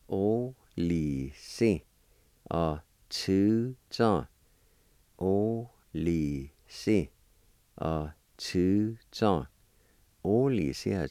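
Slow, deep-voiced man teaching words. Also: creaky, darkish tone, dry recording, studio quality. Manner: patient, spells letter by letter and repeats words slowly. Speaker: language teacher. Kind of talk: slow spelling and pronunciation lesson.

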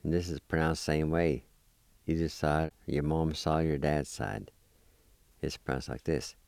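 A man teaching vocabulary, patiently spelling each word letter by letter and repeating it slowly. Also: extremely low pitch, level tone, creaky, darkish tone, clear, resonant tone, no room sound. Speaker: language teacher. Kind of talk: slow spelling and pronunciation lesson.

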